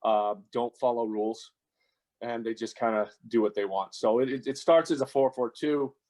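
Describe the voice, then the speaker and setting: A relaxed American man talking as a podcast guest, trading jokes with the hosts. His voice has an ordinary, mid-level pitch. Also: normal speed. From United States. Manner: easygoing, joking. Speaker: guest, former goalkeeper. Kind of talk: casual podcast interview.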